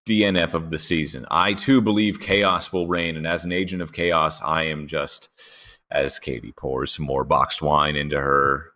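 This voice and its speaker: A man co-hosting a casual sports podcast, telling stories with animated energy. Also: a bass voice, moderate pace. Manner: animated storyteller, puts on voices while retelling stories. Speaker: podcast co-host.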